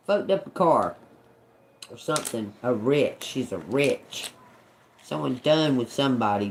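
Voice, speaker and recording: A woman's voice: deep voice, darkish tone, a little hiss or hum. A woman streaming live as a psychic reader, muttering single words over and over, puzzled and swearing at what she hears. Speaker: tarot and oracle live streamer.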